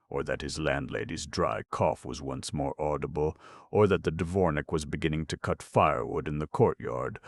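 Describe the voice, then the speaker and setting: A man narrating an audiobook in a measured, deliberate reading style. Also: rumbling low, no echo, studio quality.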